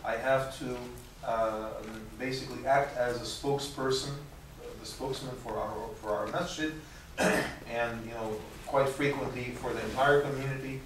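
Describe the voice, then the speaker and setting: A man's voice: medium pitch, fairly even intonation, moderate pace. A man, an imam, giving a conversational religious lecture and answering audience questions, often restarting and repeating words. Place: university lecture room. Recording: echoey room from far off, faint noise.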